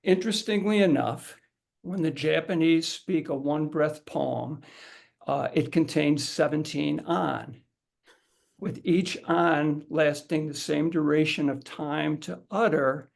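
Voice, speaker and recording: Speaking slowly in a fairly high, gravelly voice, a middle-aged man leads a haiku workshop for an audience in a casual, conversational style. As he demonstrates aloud, he frequently repeats words and restarts his sentences.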